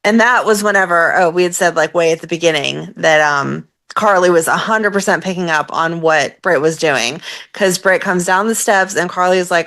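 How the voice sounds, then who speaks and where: A woman's voice: medium pitch, normal speed, a bit bright. A woman co-hosting a fan podcast, chatting casually and retelling scenes by acting out the characters' lines. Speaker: podcast co-host.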